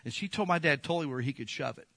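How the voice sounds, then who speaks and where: Animated preaching man, bright voice. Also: fairly high pitch, very fast, creaky, no room sound. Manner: animated storyteller acting out quotes, rising to loud bursts. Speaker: pastor. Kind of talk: storytelling sermon.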